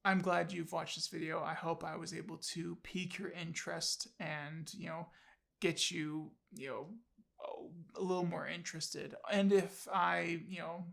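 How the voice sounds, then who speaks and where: A man's voice: fairly high pitch, little pitch movement, measured pace, vocal fry, a bit bright. A man casually reviewing an audiobook on his channel, enthusiastic and rambling, with many fillers and restarts.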